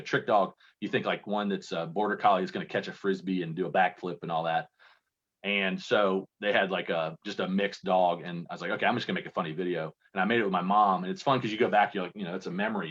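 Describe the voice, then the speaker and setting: A man's voice: deep voice, fairly bright tone, husky. A man from Kentucky, a contest entrant being interviewed, chatting casually with rambling, self-deprecating stories over a video call. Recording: dull lo-fi sound.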